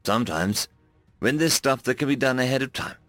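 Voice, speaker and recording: A man voicing a shaken human man who sees himself as a coward, telling his story in a rueful, halting way. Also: medium pitch, expressive, fairly bright tone, dry recording, soft background music, lightly acted.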